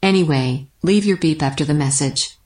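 A woman voicing a deadpan corporate voicemail greeting in a comedy bit. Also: deep voice, normal speed, lightly acted.

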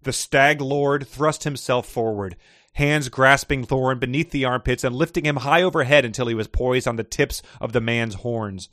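A man's voice: mid-range voice, fairly even intonation, normal speed, a bit bright, no echo, clean studio sound. A man hosting a casual podcast chat, reading passages aloud with expression and laughing often. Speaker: podcast host reading excerpts.

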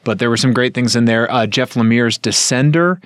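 A man co-hosting a podcast aftershow, rambling through casual chat full of fillers and excited tangents. His voice sits at a middling pitch and sounds dry and close on the microphone. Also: normal speed, no echo. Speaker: podcast co-host.

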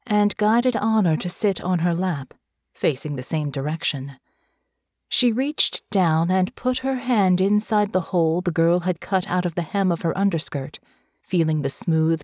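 A woman narrating a story with a slow, measured reading. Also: on the low side, darkish tone, no room sound, studio quality. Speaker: audiobook narrator. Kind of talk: scripted narration.

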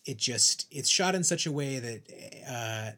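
A man's voice: medium pitch, lively intonation, a little slow, pushed and bright. A man co-hosting a podcast, talking through a TV series thoughtfully and often restarting his sentences. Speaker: podcast co-host. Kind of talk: casual chat.

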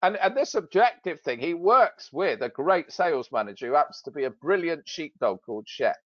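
A British man tells a story with jokey, self-mocking humor in casual podcast talk, his pitch rising and falling freely. His voice sits a bit high for a man. The recording is dry and somewhat dull, like lo-fi audio. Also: big pitch swings, fairly quick, dry recording. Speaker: sales expert and author.

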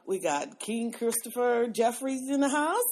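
A woman hosting a podcast in casual chat, upbeat and halting as she brings the guests in. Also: fairly high pitch, lively intonation, a little mellow. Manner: upbeat, halting, repeats words. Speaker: podcast host.

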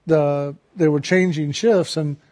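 A man with a fairly high, steady, darkish voice shares a personal story in an earnest, reflective, unhurried storytelling way. He slows down to stress key phrases as he draws a spiritual lesson from it.

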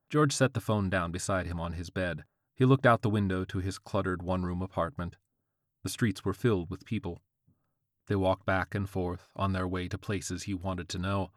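A man narrating a short story with a wry, deadpan delivery on a close studio mic. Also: low voice, moderate pace, no room sound. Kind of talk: scripted audiobook narration.

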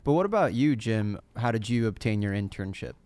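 A man's voice: lowish voice, animated, a little fast, darkish tone, no room sound. A man hosting a casual campus podcast, encouraging students and giving career advice. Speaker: career services host.

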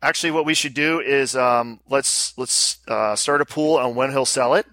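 A man co-hosts a casual podcast, his voice bright and forward. He explains things at length, repeating words as he works through them. The sound is dry and close. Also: medium pitch, moderate pace, no room sound. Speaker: podcast co-host. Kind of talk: casual chat.

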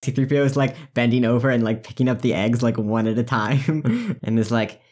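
A man's voice: medium pitch, fairly quick, a little mellow. Guy playing a tabletop game, chill, laughs a bit, medium voice. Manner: easygoing, laughing. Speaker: player.

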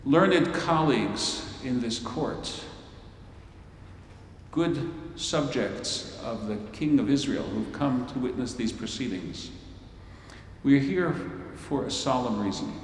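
A preacher putting on a grave high priest who addresses his court in slow, weighty, formal phrases. His voice carries from a distance through a long-echoing hall, with a faint rumble underneath. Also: expressive. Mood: solemn. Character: solemn stately male high priest presiding at a trial. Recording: roomy hall, voice from far off.

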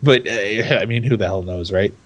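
A young man with a lowish voice chats casually on a podcast. He rambles, stops and restarts, and breaks into laughter now and then. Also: fairly quick. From California. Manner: rambling, self-interrupting, laughs often. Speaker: podcast co-host. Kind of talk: casual chat.

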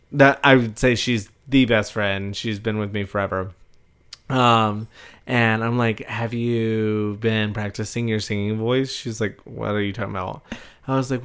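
Bright, animated podcast man. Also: lowish voice, clear, resonant tone. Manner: animated storyteller, laughs often. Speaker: podcast co-host. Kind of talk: casual chat.

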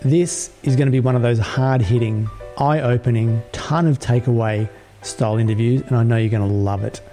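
Over soft background music, a middle-aged man hosting a podcast delivers an upbeat, emphatic scripted intro, then moves into conversation with his guest. He speaks at normal speed in a mellow, medium-pitched voice.

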